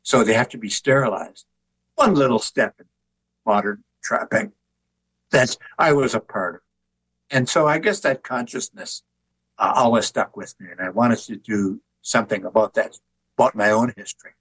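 An older man, an author and artist, telling stories in a relaxed, anecdotal way during an interview. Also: mid-range voice, moderate pace, slightly rough, poor audio. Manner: relaxed anecdotal telling, chuckles at his own jokes. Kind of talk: conversational interview storytelling.

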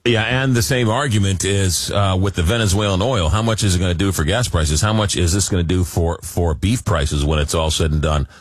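A man's voice: deep voice, a little fast, few pauses, dry recording. A man hosting a talk radio show, chatty and jokey, often repeating words as he goes.

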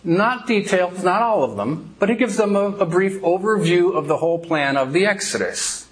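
Animated storytelling male pastor. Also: sits high, moderate pace. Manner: animated storyteller, laughs while telling. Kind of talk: sermon with storytelling.

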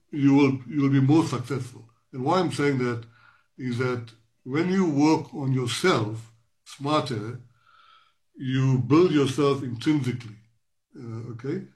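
Halting, reflective man in his sixties. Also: mid-range voice, a little mellow. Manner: halting, many fillers and restarts, reflective. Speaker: guest, professor. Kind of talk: interview answer.

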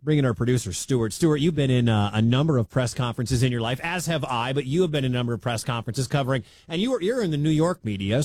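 A man from the Midwestern US hosting sports talk radio, talking in an animated, conversational and emphatic way. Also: mid-range voice, no room sound.

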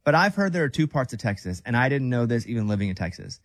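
A man's voice: mid-range voice, very animated, fast talker, no room sound. A man from Central Arkansas hosting a morning radio show, loose and teasing as he leads casual studio banter. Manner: loose, teasing, leading the group.

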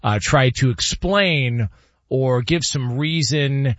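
A man's voice: medium pitch, slow, no echo, dull audio. A man hosting a casual sports talk show, questioning and sounding baffled. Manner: perplexed, animated questioning with laughs.

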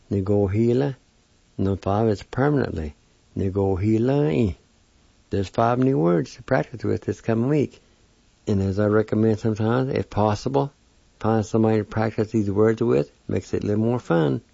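A man teaching vocabulary in a patient, slow lesson, sounding out each word syllable by syllable. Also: on the low side, creaky, dark tone, no room sound. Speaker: language teacher. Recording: dull lo-fi dry recording.

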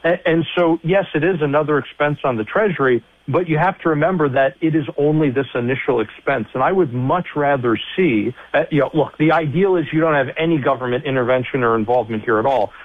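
A man's voice: medium pitch, brisk, few pauses, narrow, tinny audio. A man joining a radio show as a guest, explaining policy in an assertive, lecturing way. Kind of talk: commentary on a call-in line.

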